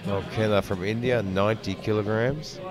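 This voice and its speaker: A man's voice: fairly low pitch, fairly even intonation, moderate pace. A man doing live sports commentary from a commentary box, announcing each lifter's name, country and weight before adding his analysis. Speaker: powerlifting commentator. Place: commentary box at a competition venue. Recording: crowd noise at a live event.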